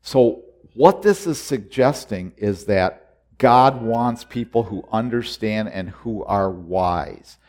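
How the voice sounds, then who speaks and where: A man preaching a sermon, earnest and repetitive, moving between quiet reflective lines and loud urgent exhortations. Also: lowish voice, expressive, slow.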